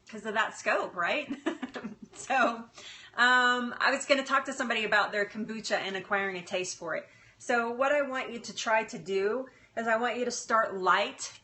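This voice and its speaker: Bright-voiced chatty woman live-streaming. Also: medium pitch. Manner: chatty, laughs often, warm-hearted and easily moved. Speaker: health coach. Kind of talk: live-stream chat answering viewers. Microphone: phone.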